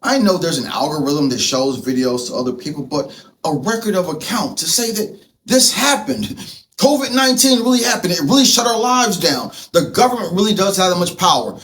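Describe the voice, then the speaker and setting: High-voiced man in fervent rant. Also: expressive, fairly quick, slight background noise. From United States. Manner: fervent, swings loud and soft, profane. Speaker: political vlogger. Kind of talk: impassioned monologue.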